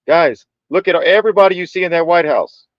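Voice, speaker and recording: Guy on a talk show, kinda high voice, slangy and jokey, dry dull sound. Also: fairly quick, dry recording. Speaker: co-host. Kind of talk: casual political chat.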